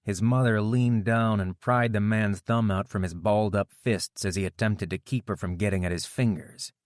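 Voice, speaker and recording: This is scripted audiobook narration by a low-voiced man who tells the story in a steady, measured manner. The sound is clean studio audio with no room sound.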